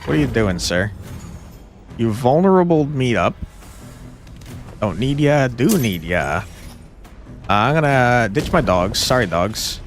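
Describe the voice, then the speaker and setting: Playful streamer man with a lively voice. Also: medium pitch, a little slow, long pauses, soft background music. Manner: playful, chatty, thanks viewers. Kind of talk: live game streaming, reading story text aloud.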